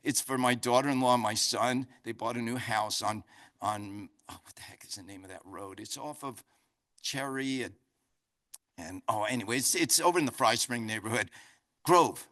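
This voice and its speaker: An older man with a New Jersey accent giving a motivational speech, a loud and talkative storyteller. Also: mid-range voice, moderate pace. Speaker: keynote speaker. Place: conference center.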